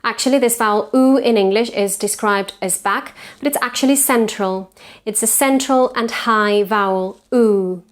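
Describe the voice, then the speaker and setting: A woman whose first language is Spanish teaches English pronunciation, modelling each vowel slowly and repeating sounds to contrast them. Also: fairly high pitch. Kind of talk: pronunciation lesson.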